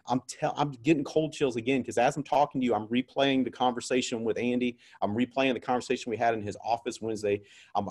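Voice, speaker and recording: A middle-aged man gives his sales team a motivational talk. He speaks with energy and emphasis, hammering home his points by repeating them. His voice sits at an ordinary, middle pitch.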